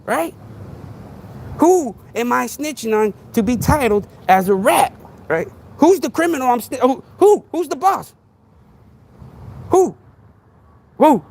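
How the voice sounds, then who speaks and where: A man's voice: very high-pitched, big pitch swings, slow, creaky, pauses often, a little mellow. A man hosting a podcast, ranting in a casual monologue full of sarcastic, mock-frightened rhetorical questions and street slang. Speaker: podcast host.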